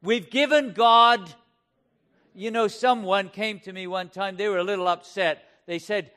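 A man with a notably high voice preaches with fervor. He fires rhetorical questions at his listeners and leans hard on key words, slowing down to stress them. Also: fairly even intonation, pushed and bright. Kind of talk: sermon.

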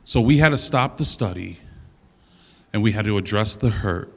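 A man with a fairly low voice who speaks bluntly and throws in a joke from time to time. A long reverb hangs on his words. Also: expressive, moderate pace. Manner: blunt, joking. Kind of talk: casual panel discussion.

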